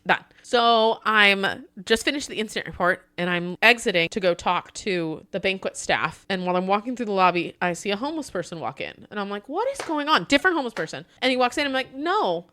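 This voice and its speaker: A woman with a Texan accent, co-hosting a casual podcast and telling a work story in an animated way, acting out quotes and laughing often. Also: mid-range voice, fast talker, few pauses. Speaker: podcast co-host.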